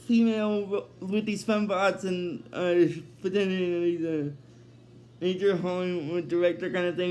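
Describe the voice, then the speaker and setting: A man retelling a cartoon episode in a loose, unscripted way, full of "uh", "um" and restarts. His voice sits high for a man. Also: dark tone. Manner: halting, filler-heavy retelling. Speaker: episode recapper. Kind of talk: casual episode recap.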